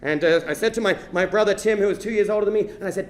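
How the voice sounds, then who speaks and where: A young Australian man performing a one-man comedy storytelling show on stage, animated and prone to shouted rants. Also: high-pitched, rapid-fire. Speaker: stand-up storyteller. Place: theatre stage before an audience. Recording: roomy theatre sound.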